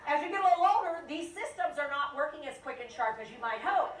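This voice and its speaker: A woman leading a lively dementia care training for a live audience, acting out inner voices and joking with the crowd. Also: sits high, fast, few pauses, far from the mic. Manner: animated, acts out inner voices and jokes with the audience. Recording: echoey room, voice from off the mic.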